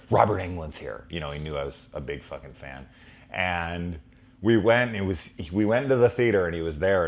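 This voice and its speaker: Deep-voiced male host, loose live fan chat, swears freely, rambling anecdotes. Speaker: host of a horror movie review show. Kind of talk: casual live chat answering fan questions.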